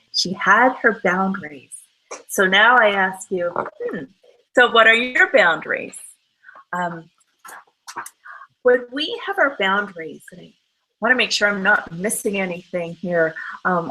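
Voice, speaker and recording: A woman's voice: medium pitch, bright, forceful tone, poor audio. A woman giving a motivational talk, emphatic and full of rhetorical questions. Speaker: motivational speaker.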